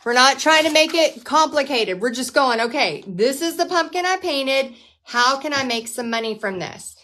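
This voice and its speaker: A woman's voice: lively intonation, moderate pace, sharp tone. Chatty upbeat woman teaching painting. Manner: chatty, upbeat, talks to her dog in a high baby voice. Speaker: painting instructor and host. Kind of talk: casual live-stream teaching. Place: home art studio.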